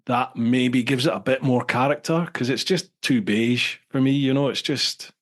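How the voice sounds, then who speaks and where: A man's voice: medium pitch, moderate pace. Chatty man hosting a podcast. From England. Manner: chatty, rambling, swears casually. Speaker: podcast host. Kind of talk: casual chat.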